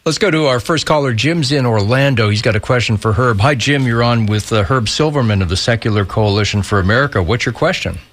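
A man hosting a call-in radio talk show, brisk and chatty, laughing easily with his guest. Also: medium pitch, fairly bright tone.

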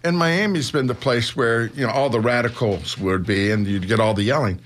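A man's voice: mid-range voice, moderate pace, a bit bright. A man, a newspaper publisher, explaining his views earnestly as a guest in a radio interview. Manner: earnest, explanatory, builds to rhetorical questions. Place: radio studio.

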